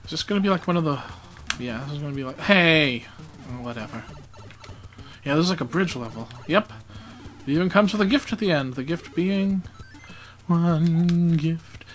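A man's voice: fairly high pitch, rough recording. A man giving casual, joking commentary while playing a video game, with self-mocking asides. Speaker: let's play commentator.

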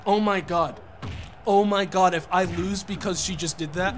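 A young man streaming a wrestling game, frustrated and profane, yelling at the referee between muttered plans. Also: sits high, moderate pace, a little hiss or hum. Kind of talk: gaming commentary.

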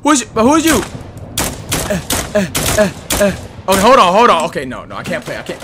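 A man doing excitable, slangy gameplay commentary, muttering one moment and yelling the next. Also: sits high, quick pace, noisy background. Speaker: gaming YouTuber. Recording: gunfire from the game behind.

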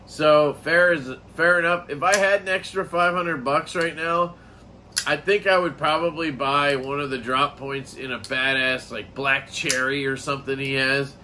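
A man's voice: fairly high pitch, fairly even intonation, moderate pace, sharp tone, a little hiss or hum. An American man giving a casual, rambling knife review, enthusiastic and profane, with lots of fillers.

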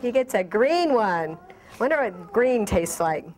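A woman's voice: mid-range voice, unhurried. A woman leading a children's storytime, reading a picture book aloud and asking the children questions along the way. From El Paso, Texas. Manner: animated, asks children questions. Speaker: library director reading at storytime.

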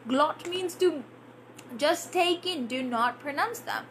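A woman's voice: high-pitched, lively intonation, slow, a little hiss or hum. A woman English teacher answering viewer questions in a live lesson, reading out comments and demonstrating pronunciation. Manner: chatty, reads out viewer comments and answers them; demonstrates pronunciation by exaggerating words.

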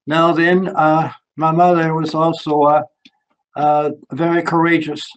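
A man's voice: a little high, little pitch movement, a little slow, muffled recording. An older man with a German accent, giving a fervent sermon testimony about his childhood. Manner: rising to fervent, emphatic preaching. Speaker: preacher.

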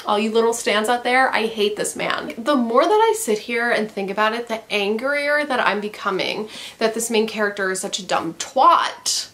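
A woman rants through a casual book review in a slow, unhurried delivery. She talks bluntly, swears freely and fills her sentences with "like.". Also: on the high side, lively intonation, fairly bright tone. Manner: frank and profane, heavy use of "like". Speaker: book vlogger.

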